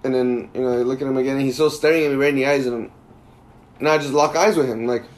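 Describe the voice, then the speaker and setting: A man's voice: medium pitch, fast talker. A man casually telling a story to friends, acting out what people said. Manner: animated storytelling, acts out quoted voices. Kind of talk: casual chat.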